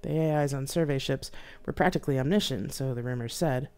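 Woman author, low voice, expressive first-person reading live on stream. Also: fairly quick. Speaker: author reading her novel. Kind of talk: live reading of her own sci-fi novel. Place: home streaming setup.

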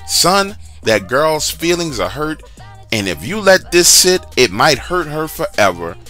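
A man's voice: a little high, sing-song, unhurried, pushed and bright, faint music behind, full character voice. A man quoting his stern but caring mother as she firmly scolds her son in his storytelling. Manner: firm, patient, scolding.

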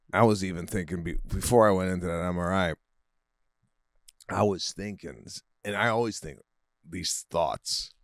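A man's voice: sits low, unhurried, long pauses, no room sound, studio quality. A man co-hosting a podcast in casual chat, rambling with restarts and frequent swearing. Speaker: podcast co-host.

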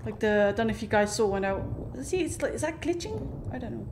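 A woman's voice: fairly high pitch, sing-song, quick pace. Chatty woman streamer over background noise. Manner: chatty, talks to the game and its creatures, laughs often. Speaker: gaming streamer. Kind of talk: casual let's-play commentary.

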